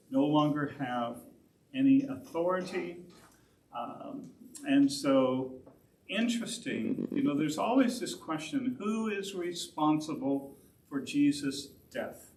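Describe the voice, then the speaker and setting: A man's voice: medium pitch, a little mellow. A man from Oregon, a pastor leading an adult Bible class in a loose, conversational way full of side remarks. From Oregon, USA. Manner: rambling, conversational, with self-aware asides. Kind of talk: casual Bible study teaching. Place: church classroom. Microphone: distant room mic. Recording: roomy, distant, faint hiss.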